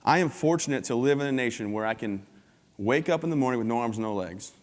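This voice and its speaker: Expressive and fast-talking, with a mid-range voice, this American keynote speaker in his thirties delivers a cheerful, humorous motivational talk to an audience on a conference hall stage. He acts out small scenes and voices, and the hall's long reverb trails his words.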